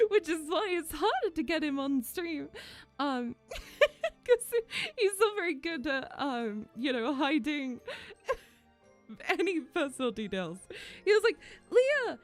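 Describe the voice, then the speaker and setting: A woman's voice: sits high, sing-song, takes it slowly, pauses often, soft background music. A young woman VTuber chatting casually with her viewers, giggly and emotional. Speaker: VTuber streamer. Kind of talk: casual chat with stream viewers.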